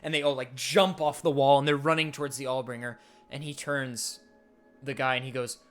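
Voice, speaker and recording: Animated male game master narrating. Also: mid-range voice, brisk, a little hiss or hum. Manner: animated storytelling, sound effects, chuckling.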